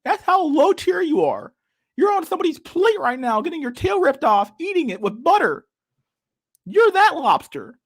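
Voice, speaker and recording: A man's voice: very high voice, big pitch swings, normal speed, voice pushed up, heavily acted. A man doing an impression of a preachy, scolding older male lecturer, drawn out and mocking.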